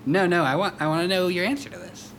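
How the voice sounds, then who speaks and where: A man's voice: high-pitched, fairly even intonation, fast, a bit bright, a little hiss or hum. Wry drawling male podcast co-host. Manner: wry, drawling, reads questions aloud. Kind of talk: casual comedy chat.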